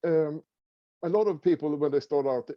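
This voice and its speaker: A middle-aged man from Sweden with a Swedish accent, talking casually as an interview guest, halting with many fillers and restarts. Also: a little high, no echo, dull audio. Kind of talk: casual conversation.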